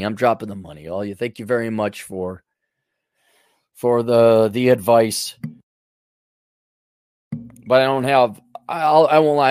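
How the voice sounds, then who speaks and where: A man's voice: medium pitch, darkish tone, no room sound, studio quality. A middle-aged man hosting a rambling, sarcastic monologue. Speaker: host.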